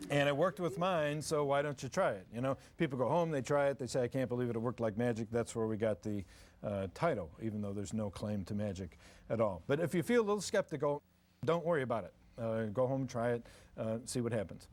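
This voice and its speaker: A man's voice: medium pitch, expressive, fairly quick, darkish tone. Older man, parenting lecturer, folksy and joking, playing to a live seminar crowd. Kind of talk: humorous live seminar talk. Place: seminar room before a live audience.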